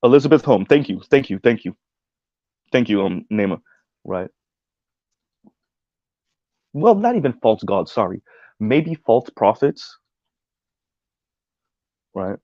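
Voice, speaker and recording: A man's voice: on the low side, sing-song, takes it slowly, pauses often, no room sound, lo-fi sound. A man giving casual livestream commentary on a video essay, rambling with many ums and tagging his points with "right?". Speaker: streamer reacting to a video essay.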